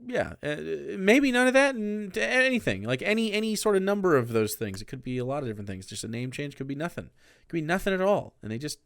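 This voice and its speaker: A male streamer talking casually and sarcastically, rambling from point to point with sudden animated bursts. His voice is smooth and resonant, at a middling pitch. It is close and dry, with no room sound. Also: fast, few pauses, no echo. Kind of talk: casual live-stream commentary.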